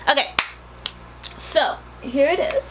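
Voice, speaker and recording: A woman vlogging with breathless excitement, repeating herself as she talks. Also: high-pitched, takes it slowly, background noise. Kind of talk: casual vlog.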